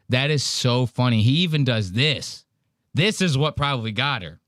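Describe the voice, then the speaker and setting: A man's voice: mid-range voice, lively intonation, normal speed, fairly bright tone, no room sound. Male podcast host, casual profane banter, dry sound. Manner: profane, joking, acts out quotes. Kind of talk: casual reaction chat.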